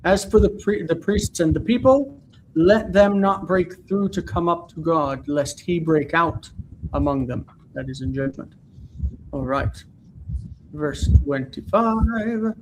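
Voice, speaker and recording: Slightly high-voiced man teaching on a video call. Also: slow pace, pauses often, slight background noise, rough recording. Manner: explains patiently, checks understanding with questions. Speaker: Hebrew teacher. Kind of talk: online Bible Hebrew class.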